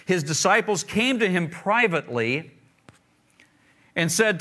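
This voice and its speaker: Bright-voiced man preaching a sermon. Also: high-pitched, sing-song, measured pace, long pauses. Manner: reads scripture aloud, then explains it conversationally; emphatic, repeats words for stress. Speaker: pastor.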